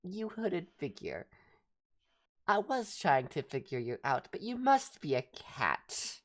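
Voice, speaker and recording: A woman's voice: low-pitched, huge pitch swings, slow pace, full character voice. A woman voicing a chatty, hungry male cat who rambles about food and guards his territory. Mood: territorial. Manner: rambling, easily distracted by food.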